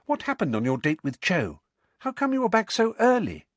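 A man's voice: high-pitched, huge pitch swings, normal speed, no echo, voice pushed up, full character voice. A man voicing a clever teenage girl who explains things with a maddeningly patient air. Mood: sympathetic. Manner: patient, lecturing.

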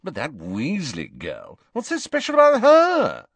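A man's voice: lowish voice, very animated, a little slow, dry recording, full character voice. Male reader doing a haughty, sneering schoolboy, drawling and lofty. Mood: scornful. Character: sneering spoiled teenage wizard boy.

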